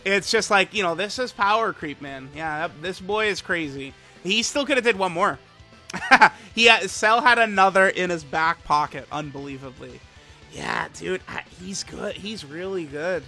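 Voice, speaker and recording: A man with a high, bright voice talks through his mobile game session for his channel. He rambles casually, stumbling over restarts and fillers while thinking aloud at a desk mic. Light music plays underneath. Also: normal speed. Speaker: gaming channel host. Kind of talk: casual gameplay commentary.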